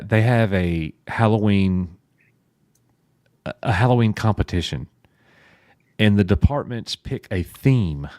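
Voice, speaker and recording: A man hosting a casual livestream chat, lively and quick to jump in with enthusiasm. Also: lowish voice, no room sound, clean studio sound. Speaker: podcast host.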